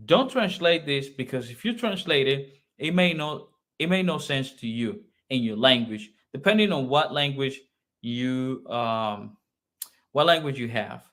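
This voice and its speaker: A patient Colombian man teaching Spanish in English, a native Spanish speaker with a Colombian accent. He speaks slowly at a medium pitch, repeating each phrase and checking in with "okay?". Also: animated, a bit bright. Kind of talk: online language lesson.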